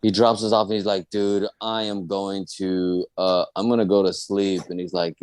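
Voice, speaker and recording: A guest comedian from the Dallas area tells a funny personal story on a podcast, animatedly acting out his friends' voices. His voice is low and smooth at a normal speed, with no room sound.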